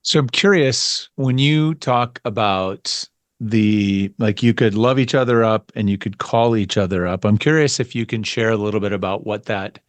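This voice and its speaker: A man's voice: on the low side, moderate pace, dry recording. A man hosting a podcast, asking curious, searching questions that he rephrases as he goes. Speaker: podcast host. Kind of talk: casual interview.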